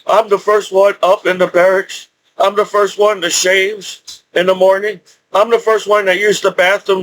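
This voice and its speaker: A middle-aged man telling rambling stories in a casual, excitable way, repeating himself and restarting often. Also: sits high, rough recording.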